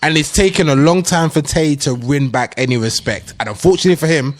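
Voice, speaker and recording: A man's voice: on the high side, quick pace. A man co-hosting a casual film chat, slangy and emphatic, tacking "fam" onto his lines. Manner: animated, slangy, drops in 'fam' often. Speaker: podcast co-host.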